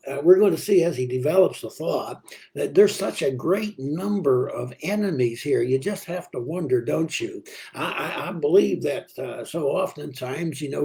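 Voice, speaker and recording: A man preaching a daily devotional in an unhurried way, with many pauses and fillers. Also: on the high side, vocal fry, dark tone. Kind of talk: devotional Bible talk.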